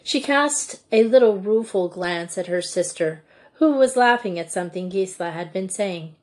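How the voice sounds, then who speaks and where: A woman reading a children's storybook aloud in a measured, deliberate way. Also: mid-range voice, lively intonation, a little mellow. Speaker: audiobook reader. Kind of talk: storybook narration.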